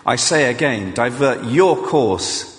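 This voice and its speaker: A man's voice: medium pitch, expressive, slow pace. A man reading out the lines of a demanding American navy captain, in a long, echoing hall. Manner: read out plainly, demanding.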